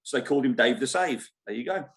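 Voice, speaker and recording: A man chats loosely on a live stream from a holiday park club foyer. His pitch sits in the middle range. He rambles, restarts his sentences and laughs easily. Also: animated. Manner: chatty, rambling, quick to laugh. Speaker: show host at a holiday park. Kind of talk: casual live-stream chat.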